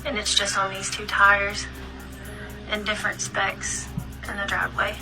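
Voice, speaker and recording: A woman excitedly recounting something odd that happened to her. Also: medium pitch, unhurried, creaky. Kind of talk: casual recounting. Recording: distant phone video with music.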